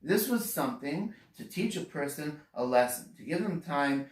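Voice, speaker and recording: A man's voice: a little high, lively intonation, normal speed. A man giving an earnest, explanatory sermon on the weekly Torah portion, often restarting phrases and leaning hard on single words. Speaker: Torah teacher. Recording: echoey room, voice from far off mic.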